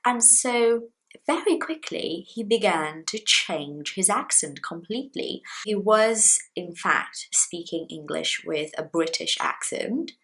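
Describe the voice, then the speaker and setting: A woman, a Portuguese speaker, giving a casual English lesson to camera in an animated, chatty way with lively pitch jumps. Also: slow, low-quality recording. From Brazil. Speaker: English teacher.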